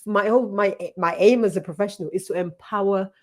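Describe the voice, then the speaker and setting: A woman's voice: medium pitch, a little fast. A woman in her thirties, a health professional, talking candidly in a live panel discussion and laughing often.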